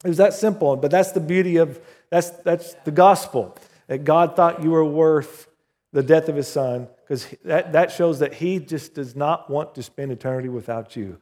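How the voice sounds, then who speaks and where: A man's voice: fairly high pitch, moderate pace, darkish tone. A pastor from southern Oklahoma who prays and then preaches a sermon to his congregation, telling stories and singing bits of a hymn. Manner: prayerful, then storytelling with sung hymn lines. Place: church building with congregation. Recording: long hall reverb.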